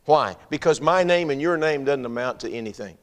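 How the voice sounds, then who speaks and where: A man's voice: mid-range voice, expressive, brisk. A man preaching a sermon in an emphatic, repetitive style, firing rhetorical questions and dropping humorous asides. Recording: long hall reverb.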